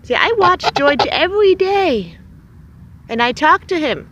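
A woman's voice: sits high, very animated, measured pace, a bit bright, muffled recording, voice pushed up, full character voice. A woman speaking for her young female pet goose in a childlike baby-talk voice. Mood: sweet, proud.

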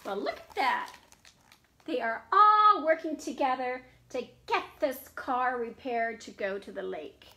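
A woman librarian reading a picture book aloud to young children, animated and expressive, with gasps and sound effects. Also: high-pitched, unhurried, a little hiss or hum. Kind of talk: children's storytime read-aloud. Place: at home.

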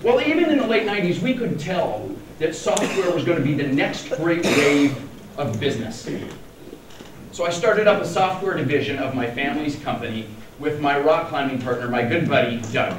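A man's voice: fairly high pitch, expressive, moderate pace. Wry male keynote speaker in an echoey hall. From Denver, Colorado, USA. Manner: wry, self-deprecating, jokey. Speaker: conference speaker. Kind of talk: humorous keynote storytelling. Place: large conference hall. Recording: echoey hall, distant mic, faint noise.

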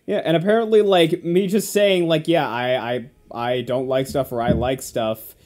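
A man's voice: medium pitch, fairly even intonation, normal speed, darkish tone. A man hosting a casual podcast, ranting in exasperation and swearing often. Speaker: podcast host.

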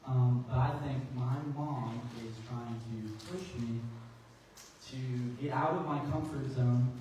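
A man's voice: medium pitch, dark tone. A man giving an informal church testimony to an audience, rambling and chatty with lots of fillers and restarts. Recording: echoey hall, distant mic, faint hiss.

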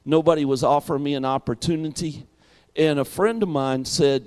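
A man's voice: a little high, moderate pace, a little mellow. A middle-aged man with a Southern American accent, a pastor introducing a guest with a folksy story. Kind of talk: church introduction.

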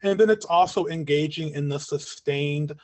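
A man speaks in an earnest lecturing voice that sits a little high, checking in with listeners again and again with a quick "right?". His voice is wearing thin as he goes on. It comes over a video call, dry and close, with no room echo at all. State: losing his voice. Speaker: community educator and guest speaker. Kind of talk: online lecture. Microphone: video call mic.

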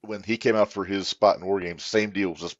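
A man's voice: low-pitched, fairly even intonation, a little fast, no room sound. A man hosting a podcast, chatting casually and recounting an event in an easygoing way. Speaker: podcast host. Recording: dull, dry lo-fi mic.

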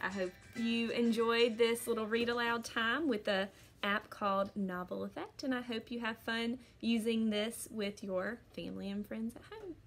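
A woman teacher reading a children's picture book aloud, sing-song and expressive, with background music and sound effects. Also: fairly high pitch, moderate pace. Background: background music and sound effects from a read-along app.

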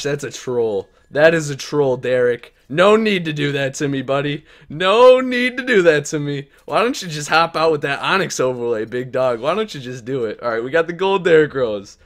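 A young man doing live-stream commentary while opening game card packs, hyped and talking to the player cards, dropping to mutters and then jumping to yells. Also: on the high side, big pitch swings, moderate pace.

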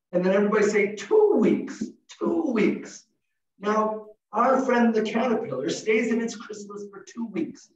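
Guy with a high voice doing a singsong kids' story game, sounds far off and dull over a call. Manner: playful, singsong and encouraging, leading call-and-response. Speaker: early childhood educator presenting an online class. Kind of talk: demonstrating a story activity for young children. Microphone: video call. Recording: echoey, distant, dull video-call audio.

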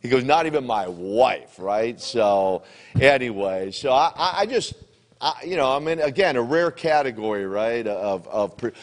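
A man in his sixties at a fan convention Q&A, telling lively, joking stories and acting out what people said. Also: medium pitch, normal speed. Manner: animated, jokey storyteller, acts out quotes. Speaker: wrestling legend answering fan questions. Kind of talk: convention Q&A storytelling. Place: convention hall.

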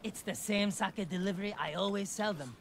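A woman's voice: medium pitch, fairly quick, noisy background, close to an everyday voice. An actress playing a shrewd woman sake brewer with a wry, urgent way of talking. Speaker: game character, sake seller. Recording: game audio with music behind.

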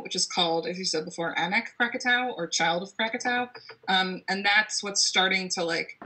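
A woman speaks as a guest scientist, explaining things step by step in a measured, conversational way. Her voice is bright with a husky edge, and she adds dry little asides. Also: fairly low pitch, rough recording. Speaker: guest volcanologist.

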